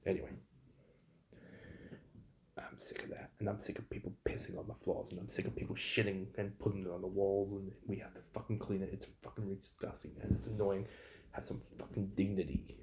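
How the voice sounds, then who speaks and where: Young man, low gravelly voice, dark tone, blunt sweary rant. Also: a little hiss or hum. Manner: blunt, swearing, acts out customers in quotes. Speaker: fast food worker. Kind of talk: casual storytelling rant.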